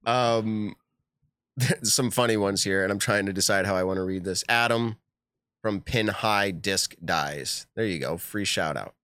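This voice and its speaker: A man hosting a live podcast in casual chat, animated and laughing often as he reads texts aloud. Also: on the low side, a little slow, clear, resonant tone, no echo, studio quality. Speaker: podcast host.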